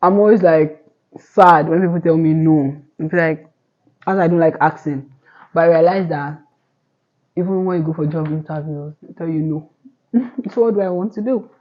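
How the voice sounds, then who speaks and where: A woman's voice: deep voice, moderate pace, pauses often, muffled recording. A young woman in her twenties giving earnest motivational advice to camera, rambling with restarts. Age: 20s. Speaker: vlogger. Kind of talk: casual motivational talk to camera.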